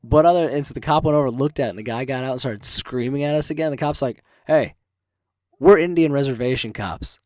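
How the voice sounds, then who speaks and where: A man's voice: mid-range voice, fast, few pauses, darkish tone, dry recording, studio quality. A man co-hosting a podcast, telling stories animatedly, swearing freely and acting out the quotes. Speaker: podcast co-host. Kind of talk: casual storytelling chat.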